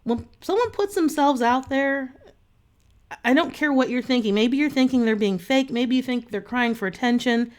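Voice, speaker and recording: A woman's voice: sits high, normal speed. Earnest chatty woman coach. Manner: chatty, earnest, many fillers and restarts. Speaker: coach addressing her online group. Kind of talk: casual talk to camera.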